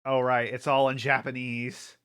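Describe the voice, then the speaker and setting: Male streamer, bright crisp voice, rambly filler-heavy chatter, a bit wired. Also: medium pitch, monotone, moderate pace. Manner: rambling with many fillers, laughs often. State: hyper from an energy drink. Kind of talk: casual livestream chat.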